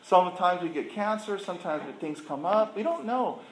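Middle-aged man, emphatic recovery speaker, voice swinging high and low, faint room noise behind. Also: moderate pace. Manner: animated, emphatic storytelling with rhetorical questions. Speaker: speaker sharing his recovery story. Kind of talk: personal recovery testimony. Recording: echoey room.

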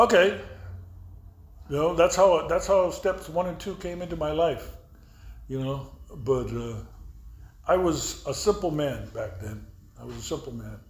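A man giving personal testimony at a recovery meeting, telling his story with halting restarts, asides to the listeners, and acted-out dialogue. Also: fairly high pitch, echoey room, slight background noise. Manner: storytelling, acting out dialogue with others.

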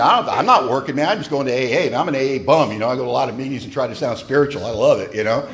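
Lively, emphatic man telling his story. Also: medium pitch, rapid-fire, few pauses. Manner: conversational storyteller, often says "man"; humorous, emphatic. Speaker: recovery meeting speaker. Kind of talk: personal testimony talk.

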